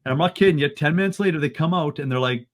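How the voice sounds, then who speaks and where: A man from Canada, a podcast guest, telling a story in an animated way that rises into excited bursts. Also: on the high side, rapid-fire.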